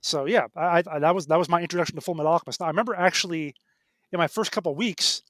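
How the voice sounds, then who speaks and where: Middle-aged male guest, speedy, self-correcting storyteller, slightly high voice. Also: racing, a bit bright, dry recording. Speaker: guest, game designer. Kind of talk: casual podcast conversation.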